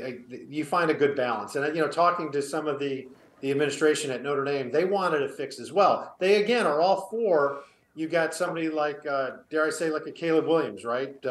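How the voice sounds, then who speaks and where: A man's voice: a little high, fairly bright tone, echoey room. A man and former college football player, speaking as an interview guest, earnest and opinionated with a storytelling manner. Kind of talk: casual sports interview.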